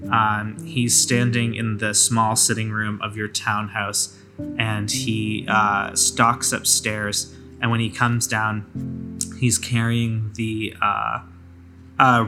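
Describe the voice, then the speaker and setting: A man as game master, narrating a tabletop role-play in a relaxed, hesitant way. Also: fairly low pitch.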